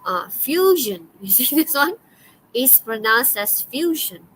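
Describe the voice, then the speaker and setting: Her voice sits a little high, bright and forceful, with lively intonation and an unhurried pace. She is a woman with a Malaysian English accent teaching English online in a chatty manner, heavy on okays and fillers and quick to laugh, recorded in poor audio with faint noise underneath.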